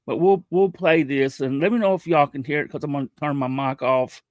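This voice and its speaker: Casual streamer, slightly high, rambling, dry mic. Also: male voice, fairly even intonation, no room sound. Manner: loose, halting, chatting with viewers. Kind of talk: casual livestream chat.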